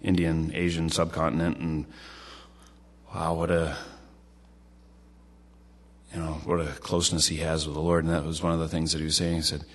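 Brief: deep-voiced man preaching in a conversational, halting way. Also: monotone. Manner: halting, repeats and restarts phrases. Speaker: pastor. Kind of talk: casual sermon.

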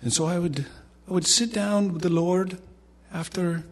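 A man voicing a gentle, soft-spoken older male preacher with an Indian accent, told slowly and earnestly. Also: sits high, pitched above the performer's own voice.

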